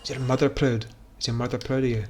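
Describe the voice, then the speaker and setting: A man's voice: medium pitch, little pitch movement, fast, darkish tone, slight background noise, close to an everyday voice. A man voicing a crude, scornful Australian character with a put-on Australian accent. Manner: scornful, insulting.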